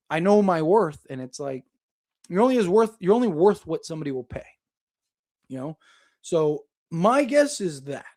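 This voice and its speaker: Rambling man on a basketball stream. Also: high voice. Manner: rambling, filler-heavy, thinks aloud. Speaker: sports podcast host reading super chats. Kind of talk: casual live-stream basketball talk.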